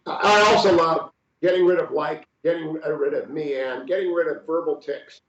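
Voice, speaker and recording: This host is a man in his sixties whose voice sits on the high side, moving at a moderate pace. Interviewing someone over a remote video call from a room, he keeps the conversation on track with direct, pointed follow-ups. The video call mic leaves the recording roomy and dull.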